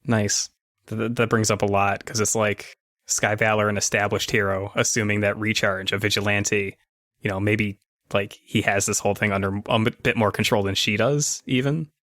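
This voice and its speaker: A man's voice: on the low side, little pitch movement, normal speed, a bit bright, no room sound. Man running a tabletop game, dry close sound. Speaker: game master.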